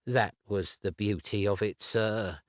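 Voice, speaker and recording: A man's voice: fairly low pitch, dry recording, clean studio sound. Male narrator doing a grieving, stammering young man in a storybook. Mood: wistful. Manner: slow, halting, stammering.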